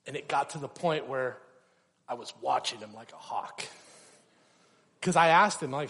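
A young man preaching a sermon, telling a personal story with animated, acted-out quotes. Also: medium pitch, fairly quick. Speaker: pastor. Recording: reverberant hall.

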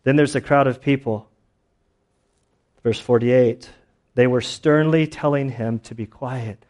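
A man's voice: mid-range voice, steady tone, measured pace, pauses often, darkish tone. A man preaching a sermon in a casual, conversational way, telling stories with lots of fillers and restarts. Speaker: pastor.

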